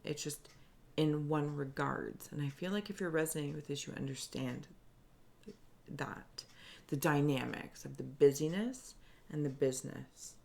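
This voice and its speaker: A woman giving a spiritual reading, speaking softly and earnestly in halting, searching phrases that she often restarts. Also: low-pitched, vocal fry. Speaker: spiritual reader. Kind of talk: improvised intuitive reading to camera.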